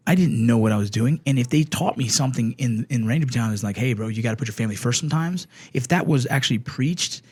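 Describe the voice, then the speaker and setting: A middle-aged man, a former Army Ranger guest, telling stories in fast, profane, animated podcast chat. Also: medium pitch, breathy edge, dry recording.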